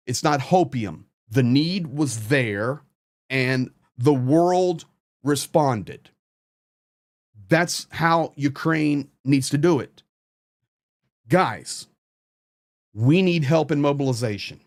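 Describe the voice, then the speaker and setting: A man's voice: medium pitch, a little mellow. A man hosting his own channel, giving blunt, frustrated, impassioned commentary straight to the camera. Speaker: host, volunteer supporter.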